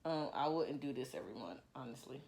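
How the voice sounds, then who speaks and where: A woman's voice: rumbling low, lively intonation, quick pace, creaky, darkish tone. A young woman vlogging a hair care tutorial at home into a plugged-in microphone, chatty and self-mocking, openly nervous as she works. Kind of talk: casual tutorial chat.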